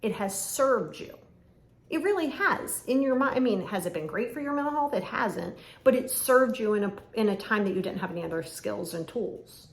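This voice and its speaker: In an echoey room with faint ambient noise and a lawnmower going outside, a woman speaks as a podcast coach, giving an emphatic, direct motivational monologue and acting out snippets of dialogue. Her mid-range voice is expressive and creaky, at normal speed.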